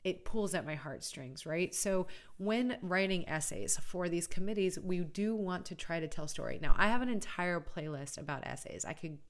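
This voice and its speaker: Low-voiced earnest woman host. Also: expressive, moderate pace. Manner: earnest, conversational, often adds "right?". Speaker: college funding educator and channel host. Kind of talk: casual educational video talk.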